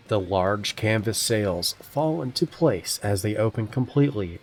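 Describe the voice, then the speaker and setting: A man narrating as game master of a tabletop game, lively and quick to laugh. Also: lowish voice, a little hiss or hum.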